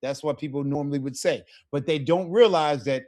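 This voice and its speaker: A man's voice: on the high side, a little fast, darkish tone. A man teaching a language class, explaining patiently and checking in with his students often. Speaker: Spanish teacher. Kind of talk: online class lesson.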